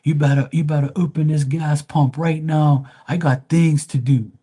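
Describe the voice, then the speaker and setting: A man doing a belligerent ex-con, loud and pushy. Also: high voice, level tone, moderate pace, husky, voice pushed up. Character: hostile man just out of jail, pushy and threatening.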